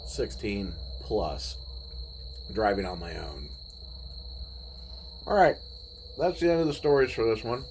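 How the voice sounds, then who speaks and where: A man in his forties, telling a personal story in a laid-back, rambling way with pauses. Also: fairly low pitch, very animated, a little mellow, a little hiss or hum, low-quality recording. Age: 40s. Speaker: vlogger. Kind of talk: casual storytelling.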